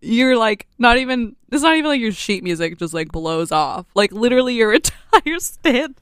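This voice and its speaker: A woman's voice: on the high side, normal speed, clear, resonant tone, dry recording, clean studio sound. Laughing young woman podcast co-host. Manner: laughs often, animated storytelling. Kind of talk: casual chat.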